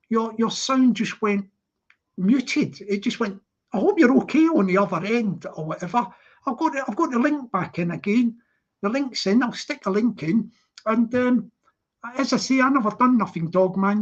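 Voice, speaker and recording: A man hosting a casual live stream who rambles, repeats himself and laughs often. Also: extremely high pitch. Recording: dull lo-fi stream audio.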